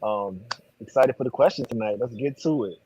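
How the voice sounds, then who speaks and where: A man's voice: mid-range voice, a little fast, warm tone, slight background noise, poor audio. A man speaking as a guest on a panel show, easygoing and thoughtful. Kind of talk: casual panel chat.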